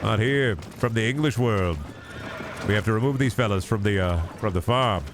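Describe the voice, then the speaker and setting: A man's voice: fairly low pitch, normal speed, noisy background, close to an everyday voice. A man voicing a flustered Amish farmer who keeps dramatically pleading with his wife. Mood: distraught.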